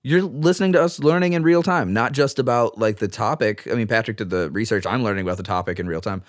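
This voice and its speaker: A man's voice: on the low side, quick pace, no room sound, clean studio sound. A man co-hosting a podcast, talking in a chatty, joking way with hesitant restarts. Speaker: podcast co-host. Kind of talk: casual chat.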